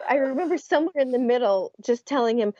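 A woman's voice: high-pitched, animated, fast talker, mellow, no room sound, dull audio. A young woman telling her birth story in casual chat, candid and searching for words, with frequent laughs. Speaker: podcast guest.

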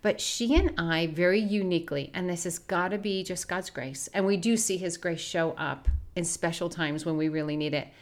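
A woman's voice: lowish voice, normal speed, few pauses. A young adult woman co-hosting a faith podcast, telling a personal story in an earnest, reflective way. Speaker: podcast co-host.

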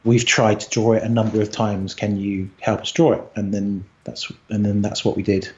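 A man's voice: fairly low pitch, level tone, normal speed, darkish tone. Brief: middle-aged Englishman from the Isle of Wight, easygoing guest, thinks aloud, muffled lo-fi recording. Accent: British. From Isle of Wight, England. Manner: thoughtful, with frequent fillers and restarts. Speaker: guest, agency co-founder. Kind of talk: casual conversational interview.

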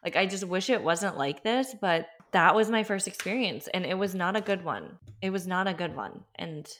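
A young woman with a lowish, slightly bright voice and lively intonation describes her birth experiences on her podcast at a moderate pace, with slight background noise. She's openly honest and emotional, chatting along with lots of fillers.

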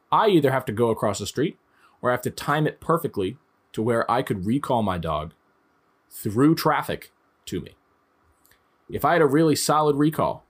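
A man in his thirties talks in an easy, conversational way as he teaches dog training, with a voice of ordinary middle pitch. He explains each point through everyday examples and talks straight to the listener. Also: breathy edge. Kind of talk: instructional talk.

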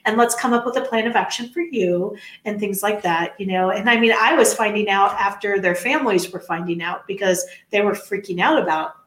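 A woman's voice: mid-range voice, fairly quick, hardly any pauses. A woman who coaches leadership and once worked in HR, talking earnestly in a podcast chat, stressing points by repeating them and acting out quotes. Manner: earnest, repetitive emphasis, animated quoting. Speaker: leadership coach, former HR professional. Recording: echoey room.

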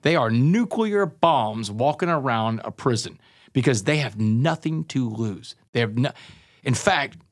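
A man's voice: medium pitch, animated, a little slow, no room sound, clean studio sound. A man guest on an interview podcast, telling his story in an earnest, intense way and often calling the listener "man" and "brother".

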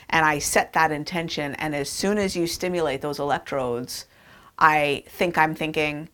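Low-voiced woman telling a science story. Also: steady tone, normal speed, a bit bright. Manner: conversational, emphatic, with fillers. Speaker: speaker. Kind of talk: storytelling talk.

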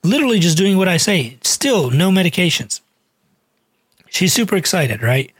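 A man's voice: sits high, sing-song, moderate pace, breathy edge, dry recording, clean studio sound. A man who is a cardiologist and weight loss doctor, telling a patient story in a chatty, earnest podcast manner. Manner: earnest, chatty, many fillers.

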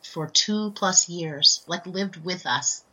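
Low-voiced, earnest woman telling a story. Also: slow, sharp tone. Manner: earnest and heartfelt, with frequent "right?" tags. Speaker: guest, author and transformational speaker. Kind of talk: personal storytelling in a podcast interview. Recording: dull, lo-fi sound.

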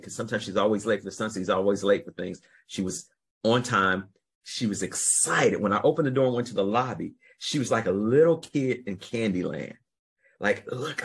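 Man, husky low voice, rambling casual storytelling, swears, podcast host. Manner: rambling, restarts, swears freely.

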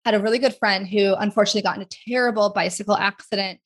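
A woman in her forties, a guest in an interview, talking casually and chattily with quick asides. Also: mid-range voice, fairly even intonation. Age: 40s.

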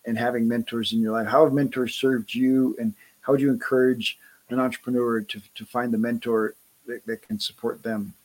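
A man's voice: medium pitch, level tone, normal speed. A man hosting a podcast interview, affirming his guest in a casual chat and stumbling over restarts. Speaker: podcast host.

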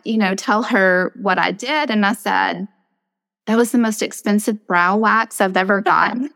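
A woman hosting a faith podcast, telling a personal story in a lively way. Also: mid-range voice, clear, resonant tone, big-room sound. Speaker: podcast host. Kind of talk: faith conversation.

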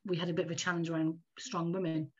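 Woman, 50s, quick animated storyteller, dull lo-fi recording. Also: on the low side. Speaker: podcast guest. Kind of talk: casual storytelling chat. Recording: dull lo-fi audio.

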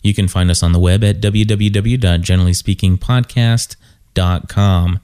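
Low man reading a formal podcast intro. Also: fairly even intonation, normal speed, dark tone, clean tone. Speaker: podcast host.

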